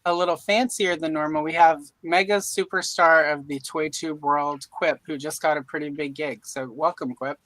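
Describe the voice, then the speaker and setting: A woman's voice: deep voice, steady tone, moderate pace, hardly any pauses, a bit bright, no echo, low-quality recording. A woman from Louisiana hosting a casual live-stream chat, joking and rambling with self-deprecating asides. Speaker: host. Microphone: video call mic.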